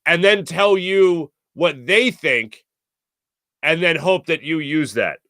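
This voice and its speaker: A man's voice: on the high side, slow, fairly bright tone, no echo, clean studio sound. A man hosting a sports talk show, telling stories in a chatty, self-mocking way. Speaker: podcast host. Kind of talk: casual monologue.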